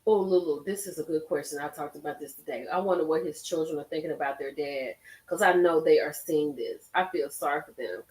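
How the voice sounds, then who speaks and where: Give me an expressive woman hosting a live stream, talking to her chat in a roomy echo. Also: low-pitched, brisk, hardly any pauses. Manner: expressive, talks straight to chat. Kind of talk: casual live-stream commentary.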